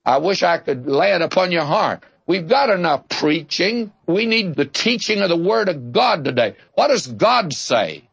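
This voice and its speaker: A man's voice: fairly high pitch, lively intonation, unhurried, creaky, hardly any pauses, fairly bright tone, slightly rough, dry recording, highs cut off. An older man giving a folksy, conversational Bible teaching, drawing out key words for emphasis and telling humorous anecdotes.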